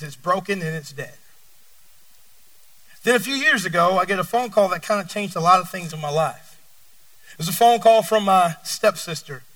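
A man in his thirties delivers a sermon in a strikingly high, piercing and bright voice. He swings between loud, emphatic lines and hushed ones. He sounds a little distant from the microphone. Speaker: pastor. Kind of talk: sermon with personal story.

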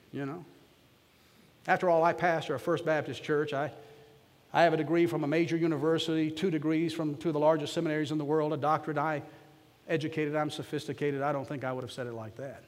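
A man's voice: on the high side, in a large hall. A man preaching as a pastor, telling a story in a folksy, self-deprecating way. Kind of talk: storytelling sermon.

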